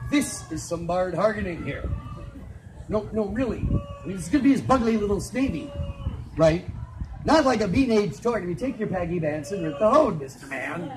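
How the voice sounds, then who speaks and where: A man's voice: high-pitched, sing-song, normal speed, background noise. A man telling a comic story full of spoonerisms and wisecracks to a crowd on an outdoor fair stage, recorded on a phone in the audience. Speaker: festival storyteller.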